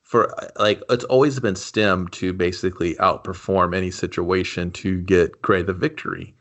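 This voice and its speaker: A man with a very low voice talking over a film in a relaxed way. He lays out what happens in the story and reacts easily to his co-host. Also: moderate pace. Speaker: movie review podcast co-host. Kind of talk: casual chat.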